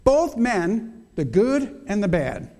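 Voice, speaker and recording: Pastor, male, fairly high voice, measured emphatic sermon delivery, hall reverb. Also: big pitch swings, warm tone. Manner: measured preaching, emphatic with rhetorical questions.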